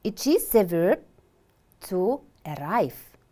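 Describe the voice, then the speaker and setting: A woman teaching an English vocabulary lesson for television, pronouncing every word slowly and deliberately. Her pitch rises and falls lively as she asks questions and then answers them herself. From Kyrgyzstan. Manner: slow, deliberate, clearly enunciated.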